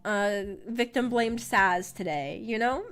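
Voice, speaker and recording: A woman VTuber streamer chatting casually on a livestream, rambling, trailing off with fillers and laughing often. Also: medium pitch. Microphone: streaming microphone. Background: faint background music.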